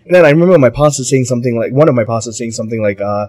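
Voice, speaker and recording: A man with a Malaysian accent who is a guest in an interview, speaking in an animated way, repeating words and laughing easily. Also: medium pitch, rapid-fire. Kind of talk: conversational interview.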